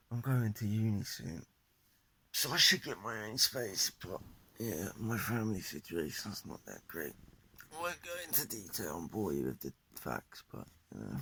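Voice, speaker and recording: A young man talking to a phone camera in his flat, giving a rambling, earnest personal monologue and pep talk. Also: lowish voice, vocal fry, slight background noise. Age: young adult. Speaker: vlogger. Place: his flat at home, indoors. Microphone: phone camera held in front of face.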